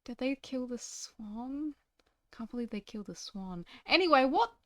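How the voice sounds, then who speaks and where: A woman's voice: high voice, expressive, normal speed. A young woman streaming a game, chatting casually with blunt, swearing asides. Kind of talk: casual chat while gaming.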